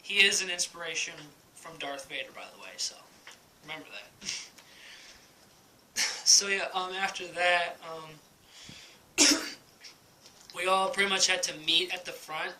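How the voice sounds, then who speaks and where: A man's voice: fairly high pitch, sharp tone, a little hiss or hum, low-quality recording. A young man telling a casual vlog story at home, rambling with many ums and likes and laughing often. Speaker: vlogger. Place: at home, indoors.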